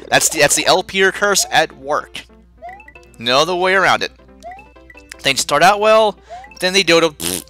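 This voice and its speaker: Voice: mid-range voice, expressive, moderate pace, bright, forceful tone. A let's play host giving self-mocking gameplay commentary, with sudden panicky outbursts. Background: faint game music.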